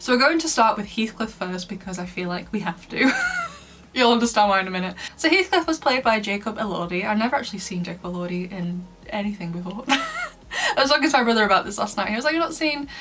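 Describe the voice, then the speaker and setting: A woman's voice: medium pitch, very animated, fast talker, a bit bright. A woman from Lancashire giving a casual review commentary in a chatty way, laughing often between points. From Lancashire, England. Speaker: book reviewer.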